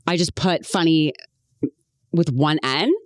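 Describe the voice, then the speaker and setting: A woman's voice: sits low, takes it slowly, dry recording, clean studio sound. A Canadian woman hosting a casual podcast chat, joking about herself and her failures. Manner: self-deprecating, joking. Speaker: podcast host.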